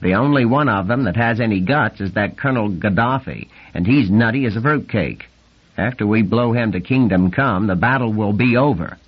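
A man voicing an excitable young male navy lieutenant, brash and nasal, talking fast and swearing freely in an audiobook reading. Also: on the low side, husky. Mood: scornful. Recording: dull lo-fi recording.

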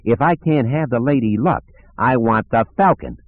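A man voicing a cocky, smooth-talking male gambler who teases with sarcasm. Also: medium pitch, lively intonation, moderate pace, dry recording, pitched above the performer's own voice, lightly acted. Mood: needling, cocky. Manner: teasing, sarcastic, self-assured. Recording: narrow phone-like sound.

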